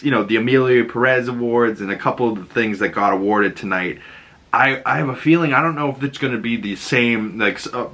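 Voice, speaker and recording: A man hosting a casual pop-culture chat, excitable and rambling, with lots of "like" and "you know". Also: mid-range voice. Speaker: podcast host.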